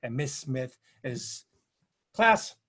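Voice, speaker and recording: A man's voice: on the high side, normal speed, breathy edge. A man giving a presentation, speaking in rhythmic, repeated emphatic phrases and telling stories with acted-out quotes. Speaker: panel presenter. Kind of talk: presentation talk.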